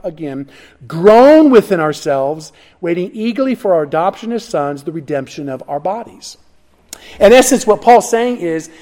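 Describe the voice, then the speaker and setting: A middle-aged man preaching a sermon in a fairly high voice. He is emphatic and restless, dropping to near-whispers and then climbing loud, often restarting his phrases. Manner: emphatic, swings from hushed to loud, frequent restarts. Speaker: pastor.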